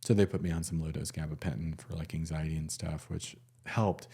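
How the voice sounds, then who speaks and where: A man, a nurse, telling a personal story in a casual, halting way with many fillers and restarts. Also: a bass voice, steady tone, warm tone, breathy edge.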